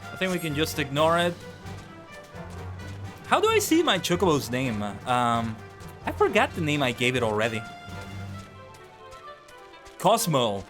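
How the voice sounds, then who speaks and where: A man's voice: fairly high pitch, wildly swooping pitch, a little slow, pauses often, a bit bright. Game streamer, male, rambling and tripping on words, music bed. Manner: chatty, stumbles over words. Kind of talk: casual gameplay commentary.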